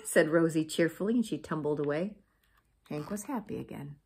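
A woman reading a children's picture book aloud, expressive and pointing out the pictures. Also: low voice, moderate pace, vocal fry, slight background noise. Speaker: storybook reader.

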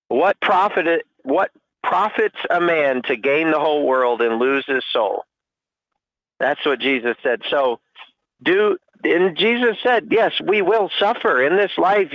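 A man's voice: on the high side, dry recording. A man speaking earnestly as a church panelist, preaching with many fillers over a lo-fi stream. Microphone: online call or stream mic.

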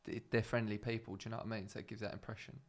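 A man's voice: lowish voice, little pitch movement, racing. A man with an Essex accent, a comedian guest on a podcast, chatting casually and rambling through stories with fillers. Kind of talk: casual chat, anecdote.

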